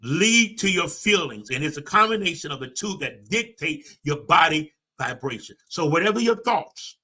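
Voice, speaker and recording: A man's voice: a little high, lively intonation, normal speed, sharp tone. A man, a personal development coach giving a preachy, emphatic motivational talk to a livestream audience, speaking folksy and direct.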